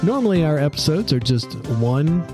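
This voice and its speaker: A man's voice: fairly high pitch, big pitch swings, moderate pace. A man hosting a podcast, thanking his guest and listeners in an upbeat sign-off. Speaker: podcast host. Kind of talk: podcast outro. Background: music.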